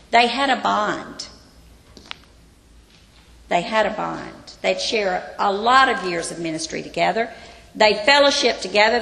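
An earnest woman teaching from the Bible in a sermon, often turning to her listeners with rhetorical questions. Her voice carries a gravelly fry at a middling pitch. It rings out with the long reverb of a large hall. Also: fairly bright tone.

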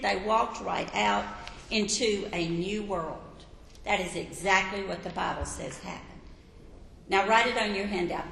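Woman preaching slowly in an echoey hall. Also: mid-range voice, gravelly, a little hiss or hum. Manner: emphatic, rising to loud peaks, tells listeners to write it down. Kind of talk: sermon. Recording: echoey hall with long reverb.

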